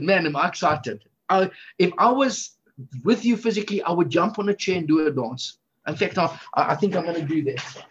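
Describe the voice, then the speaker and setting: A fervent, excitable male preacher with a fairly high, husky voice delivers his sermon fairly quickly in bursts of enthusiasm. The recording is slightly dull and lo-fi.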